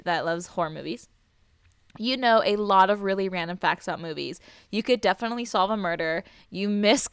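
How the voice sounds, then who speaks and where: Woman on a podcast, smooth clear voice, swears a lot and jokes around, dry close sound. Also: medium pitch, no echo. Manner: crude, playful, laughing often. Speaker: podcast co-host. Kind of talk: casual podcast chat.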